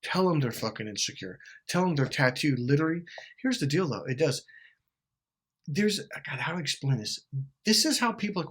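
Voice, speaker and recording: A man's voice: medium pitch, animated, fairly quick, a bit bright, husky. A man hosting a casual self-help monologue, blunt and profane, laughing often and acting out what people say. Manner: blunt and profane, acts out quoted lines; laughs often mid-sentence. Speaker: self-help video host.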